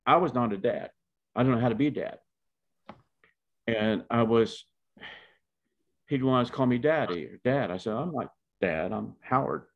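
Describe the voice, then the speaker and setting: A man's voice: mid-range voice, moderate pace, pauses often, dull audio. A man in his seventies from Oklahoma, telling his life story in a rambling, heartfelt way with many restarts. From Oklahoma, USA. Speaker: interviewee.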